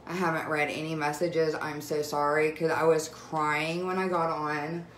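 A young woman chatting live on camera at home, excited and emotional as she gushes about beauty products. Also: sits low, moderate pace. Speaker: direct sales vlogger. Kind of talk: casual live video chat. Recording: echoey room with faint noise.

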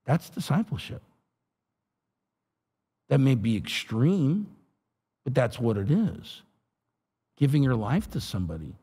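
A middle-aged man, a pastor, telling his testimony in an animated, street-talking way. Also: mid-range voice, unhurried, long pauses, husky. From Los Angeles area. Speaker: pastor and guest. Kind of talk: storytelling testimony.

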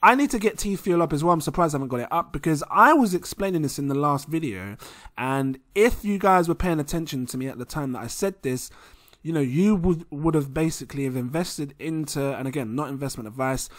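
A young man with an English accent rambles excitedly through a casual screen-share commentary as a crypto vlogger, laughing at himself. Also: on the high side, fairly quick, no echo, studio quality. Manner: excitable, giggly, rambling, self-mocking.

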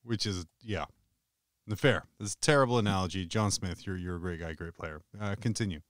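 Smooth low-voiced joking man. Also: dry recording, clean studio sound. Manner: joking, swears, quick asides. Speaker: podcast co-host. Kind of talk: casual chat.

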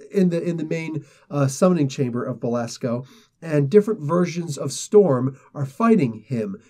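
A man with a fairly high but mellow voice hosts a casual comic book review. He retells a story in a rambling way, full of fillers and restarts.

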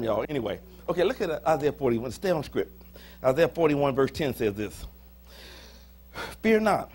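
Man, pastor, sermon, high voice, very animated delivery, folksy humor, soft asides and shouts. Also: breathy edge. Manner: folksy, humorous, talks to the congregation. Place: church sanctuary.

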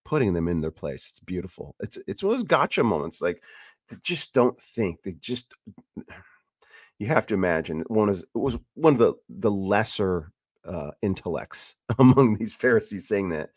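A man with a fairly low voice hosts a casual Bible teaching podcast. He rambles and restarts often, then punches words out with sudden emphasis. The sound is dry and close. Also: normal speed, slightly rough, dry recording. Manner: animated and rambling, with many restarts and emphatic bursts. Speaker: podcast host.

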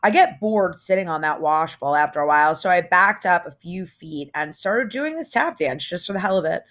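A woman's voice: on the low side, animated, moderate pace, a bit bright. A woman narrating a first-person novel aloud in a casual, sardonic, conversational way. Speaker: audiobook reader.

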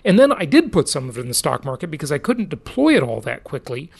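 A man's voice: a little high, sing-song, quick pace, vocal fry, breathy edge. A middle-aged man hosting a podcast, talking in a casual, emphatic and salesy way. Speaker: podcast host.

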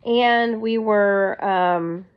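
A woman talking slowly and earnestly to her camera at home, sharing a faith testimony in a rambling, storytelling way. Her voice sits at an ordinary middle pitch, and the sound is slightly dull and lo-fi. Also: clean tone. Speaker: vlogger. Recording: dull lo-fi recording.

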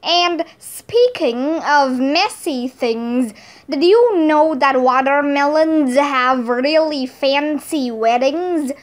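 A woman reading the lines of a schoolboy who tells corny jokes on the school announcements, in a slow, careful read-aloud way. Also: high voice. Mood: joking. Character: joke-cracking schoolboy hosting school announcements.

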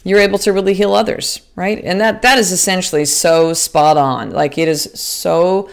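A woman's voice: on the low side, fairly even intonation, normal speed, vocal fry. A woman hosting a podcast in a casual monologue, earnest and motivational, swearing freely and restarting her sentences. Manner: earnest and motivational, addresses listeners as sister. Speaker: podcast host.

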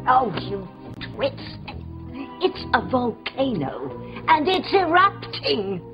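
A woman's voice: sits high, big pitch swings, slow pace, heavily acted. A gloomy doom-saying witch. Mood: doom-laden. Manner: exasperated, prophetic, dramatic. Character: gloomy doom-predicting older witch woman. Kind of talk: soap opera acting. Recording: dull broadcast sound with music.

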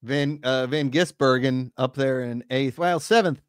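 A man's voice: medium pitch, measured pace, smooth, no room sound, clean studio sound. A man hosting a live race-watching stream, joking around and reading out chat comments. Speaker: stream host.

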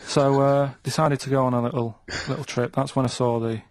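A man, a radio show regular, rambling deadpan through stories with tag questions. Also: mid-range voice, brisk, dry recording. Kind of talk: casual radio chat. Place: radio studio.

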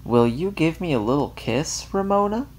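A man's voice: fairly high pitch, sing-song, measured pace, pitched above the performer's own voice. A man putting on a gushing young woman.

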